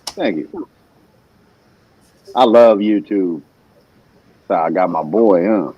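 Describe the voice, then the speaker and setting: A man's voice: sits low, takes it slowly, warm tone, poor audio. A man on a stream call, cracking crude jokes and teasing the others. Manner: teasing, crude banter, laughs often. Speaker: stream guest. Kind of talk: casual group chat.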